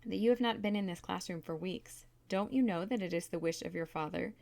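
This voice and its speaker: A woman's voice: fairly low pitch, vocal fry, a little mellow. A woman reading aloud and voicing an empress mother who speaks firmly and with authority. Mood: commanding. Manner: firm, commanding, measured. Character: stern yet gentle mother, an empress.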